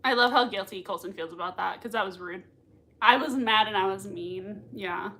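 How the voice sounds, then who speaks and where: A woman hosting a live watch-party reaction, gushing excitedly, laughing often and reading out chat comments. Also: medium pitch, moderate pace. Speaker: livestream reaction host.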